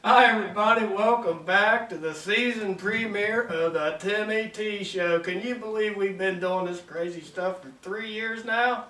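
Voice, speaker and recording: A man's voice: high voice, normal speed, hardly any pauses, bright, forceful tone. A man hosting a comedy show, telling a folksy, wry story with a drawl. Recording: roomy sound from a distant mic.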